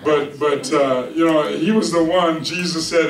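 A man's voice: a little high, fairly even intonation, a little slow, recorded from a distance, a little hiss or hum. A male pastor preaching a chatty storytelling sermon, often checking in with his listeners. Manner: chatty, keeps asking "you with me?". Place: church sanctuary with congregation. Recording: echoey church heard from afar. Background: congregation answering amen.

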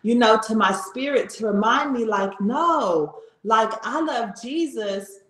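Woman, casual faith talk, animated and slangy, bit high, recorded in an echoey room. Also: takes it slowly. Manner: animated, slangy, repeats herself.

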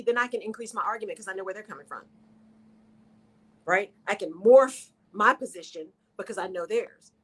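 A middle-aged woman hosts a radio show. She speaks at a medium pitch in an earnest, encouraging way and addresses her listeners directly. Her talk is motivational. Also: a bit bright, husky.

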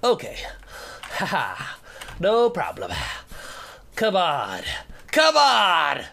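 A man's voice: high voice, wildly swooping pitch, drawn-out words, creaky, pushed and bright. A man giving comedic let's-play commentary, goofy, flipping into silly character voices and muttering under his breath as he plays. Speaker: gameplay commentator.

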